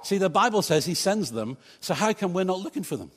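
A male pastor preaches to his congregation in a church, his voice a touch higher than most men's. He speaks in a conversational way and slips in light jokes. The sound carries a long reverb from the hall. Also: very animated, fairly quick. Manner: conversational, humorous asides to congregation. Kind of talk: preached sermon.

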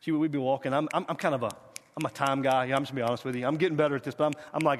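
A middle-aged man preaching a guest sermon, animated and urging the congregation to repeat after him, at times dropping to a quiet hush. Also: fairly high pitch, very fast, a little hiss or hum. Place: church sanctuary. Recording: reverberant church hall.

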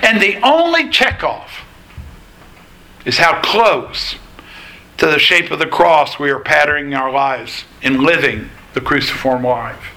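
A man preaching a sermon to a congregation in a church, emphatic and deliberate, with a sarcastic edge at times. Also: a little high, lively intonation, bright, forceful tone, low-quality recording. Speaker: pastor. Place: church sanctuary.

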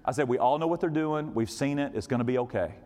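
A man preaching as a pastor, telling a story in an animated way and acting out quoted voices, sometimes dropping to a whisper. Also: mid-range voice, fast talker. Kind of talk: storytelling sermon. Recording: long hall reverb.

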